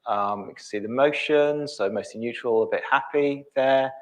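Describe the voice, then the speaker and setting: A middle-aged man with a medium-pitched voice runs a live software demo at a moderate pace. He thinks aloud, with many ums and restarts.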